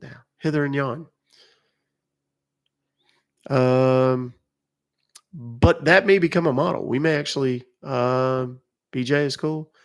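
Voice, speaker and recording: A man's voice: mid-range voice, slow pace, long pauses. A middle-aged man chatting casually on a live stream, rambling and joking as he reacts to viewer comments. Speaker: live streamer reading chat.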